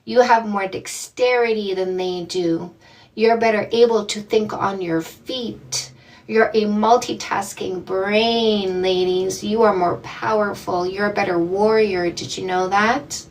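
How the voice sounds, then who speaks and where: A woman from Canada hosting a live dating-coach stream, talking slowly and emphatically and encouraging her callers. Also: medium pitch, steady tone, far from the mic. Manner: slow, emphatic, encouraging, calls people "my love" and "ladies".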